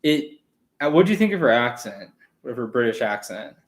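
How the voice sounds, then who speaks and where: A man's voice: medium pitch, very animated, brisk, low-quality recording. A young man co-hosting a casual film podcast, speaking bluntly and dryly dismissive of what he discusses. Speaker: podcast co-host.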